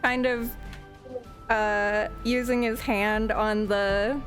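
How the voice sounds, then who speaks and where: A woman's voice: medium pitch, steady tone, very slow, music in the background. A woman narrating a tabletop game as game master in a casual, rambling way, sometimes searching for words.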